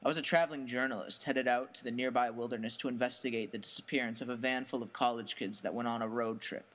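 A man narrating a first-person horror story in a measured, plain storytelling manner. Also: medium pitch, fairly even intonation, fairly bright tone.

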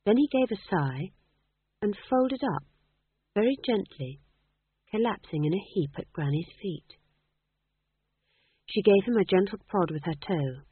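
A narrator reading a fantasy story aloud with expressive storytelling. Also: mid-range voice, a little slow, long pauses, slightly rough, dry recording. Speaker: audiobook narrator. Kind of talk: scripted narration. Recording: dry tinny phone-like audio.

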